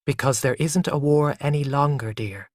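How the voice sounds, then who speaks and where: A storyteller voicing a gentle, patient young mother who speaks softly and quietly. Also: medium pitch, normal speed, no echo, studio quality, lightly acted.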